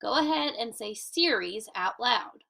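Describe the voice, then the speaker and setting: A woman teacher giving a recorded grammar lesson for children, speaking clearly and deliberately and slowing down to model reading aloud. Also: fairly high pitch, expressive, sharp tone.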